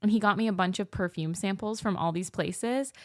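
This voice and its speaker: A young woman co-hosting a casual podcast chat, effusive and quick to act out what friends said. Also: mid-range voice, a little mellow. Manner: effusive, acts out quoted friends in a raised voice. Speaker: podcast co-host.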